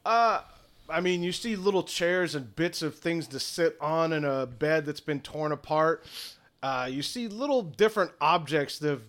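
A man runs a tabletop game as game master, casual and halting with plenty of fillers. His voice is bright and a little high.

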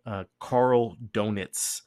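Texan dude rambling about history, swears a lot, laughs, kinda low voice. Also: male voice, extremely slow, smooth, no room sound, studio quality. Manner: profane, laughing, animated storytelling. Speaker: podcast host. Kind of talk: casual history chat.

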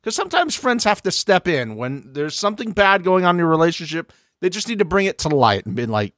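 A man's voice: high voice, big pitch swings, brisk, hardly any pauses, a bit bright, no room sound, clean studio sound. A man co-hosting a podcast in casual chat, joking with playful sarcasm. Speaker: podcast co-host.

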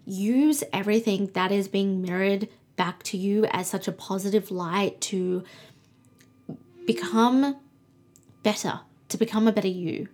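A young woman with a breathy, slightly husky voice hosts a spiritual podcast. She reads cards and speaks softly and soothingly, slowing down to draw out her affirmations. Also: mid-range voice. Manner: soft, soothing, slows down for affirmations. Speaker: podcast host. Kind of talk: spiritual card-reading podcast talk.

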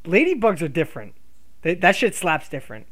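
A man's voice: fairly high pitch, huge pitch swings, a little fast, a bit bright. A man co-hosting a casual podcast, teasing and playfully contrarian. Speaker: podcast co-host. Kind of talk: casual chat.

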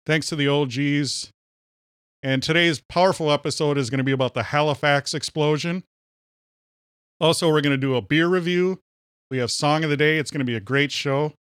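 Male podcast co-host from Minnesota, jokey ranter, slightly high pitch, dry sound. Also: a little fast, fairly bright tone, smooth, no echo. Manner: ranting, jokey, says "powerful" often. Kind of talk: casual podcast banter.

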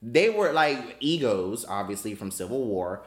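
A man as a podcast guest, chatting casually in a laid-back, drawn-out way. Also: mid-range voice, very animated. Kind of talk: casual chat. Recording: echoey room.

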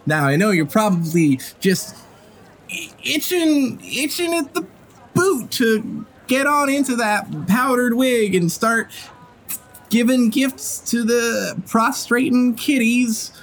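A man's voice: extremely high pitch, expressive, slow, fairly bright tone, voice pushed up, heavily acted. A man voicing a chipper, folksy woman from a gaming company who calls everyone partner. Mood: chummy. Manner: drawling, calls people partner.

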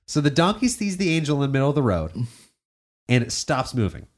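A man's voice: on the high side, big pitch swings, brisk. A young man co-hosting a podcast, retelling a story in a laid-back, sarcastic way and swearing freely. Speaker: podcast co-host. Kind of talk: casual profane storytelling.

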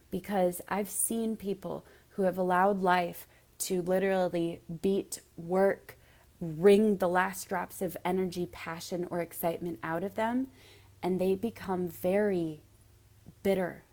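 A woman's voice: fairly low pitch, darkish tone. A woman giving a heartfelt, direct motivational monologue as a business coach, at times close to tears. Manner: emotional, near tears at times.

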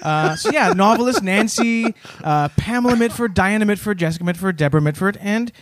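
A man's voice: sits high, lively intonation, brisk, slight background noise. A man hosting a casual comedic podcast, telling a story and laughing often. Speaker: podcast host.

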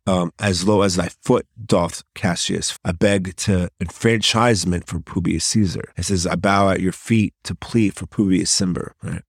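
A podcast host with a very deep male voice talks through a story in a relaxed, conversational way. He often turns to the listener with quick questions as he goes. The sound is close and dry, with no room around it. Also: gravelly, dry recording. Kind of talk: casual storytelling retelling of a play.

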